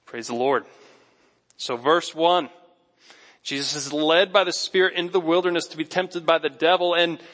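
A man preaches to his congregation in a lively, conversational way. His voice sits a little high for a man and carries a long reverb through a large church hall. At times he turns and speaks straight to people in the pews. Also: moderate pace. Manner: conversational, animated preaching that talks directly to the congregation. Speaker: pastor. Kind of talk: sermon. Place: church sanctuary.

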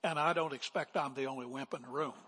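An older man preaching a sermon as pastor, swinging from emphatic declarations to hushed asides. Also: medium pitch, quick pace, husky. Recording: long reverb of a large hall.

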